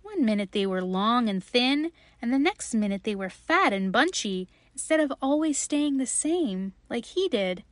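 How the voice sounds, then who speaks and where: A woman reading a children's story aloud in a gentle, unhurried way. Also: fairly high pitch, sing-song, dry recording.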